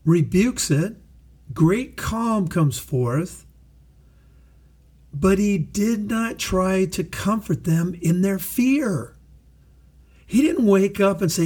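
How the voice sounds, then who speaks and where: A middle-aged male pastor delivering a sermon in a fairly high voice. He speaks slowly and emphatically, leaning on repeated phrases to drive each point home. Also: expressive, darkish tone, slightly rough.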